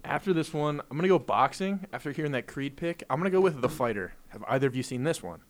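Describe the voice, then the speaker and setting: A man's voice: mid-range voice, fast talker. Laughing young man co-hosting a podcast. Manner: animated, laughs often, playful. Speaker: podcast co-host. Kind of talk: casual chat.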